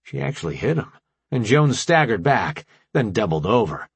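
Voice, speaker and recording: Husky male audiobook narrator. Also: mid-range voice, big pitch swings, normal speed, no room sound.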